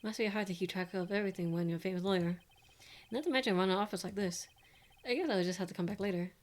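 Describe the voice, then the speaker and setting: A woman's voice: medium pitch, fast, close to an everyday voice. A woman reading game lines aloud as an earnest young male defense lawyer, hesitant and stumbling over words. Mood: musing.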